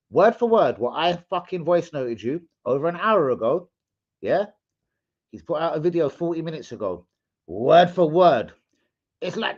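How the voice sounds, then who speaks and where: A man's voice: on the high side, a little mellow. A man hosting a football live stream, rambling and swearing in street slang. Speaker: football channel host. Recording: lo-fi livestream audio.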